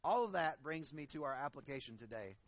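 A male pastor preaching a sermon. He reads scripture slowly and deliberately, then tells stories in a conversational way, often restarting his sentences. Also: a little high, lively intonation, no echo. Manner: conversational storytelling with frequent restarts.

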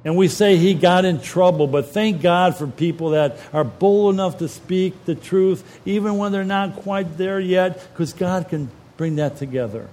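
A man delivering a sermon with a somewhat high-pitched voice. He preaches in a lively, colloquial way, slipping into casual, street-level phrasing as he retells scripture stories. The feel is warm storytelling from the pulpit rather than formal recitation. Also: unhurried, few pauses.

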